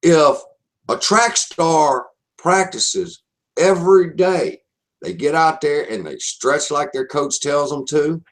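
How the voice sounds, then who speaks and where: A man's voice: fairly high pitch, expressive, takes it slowly. A man with a Southern US accent presenting a live online marketing webinar, speaking emphatically and repeating his key phrases.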